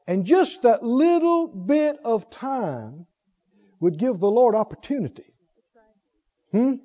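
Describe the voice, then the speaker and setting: A man preaching a sermon, emphatic, swinging from loud exhortation to hushed intensity. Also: very high voice, very animated, slow pace. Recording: dull lo-fi sermon recording.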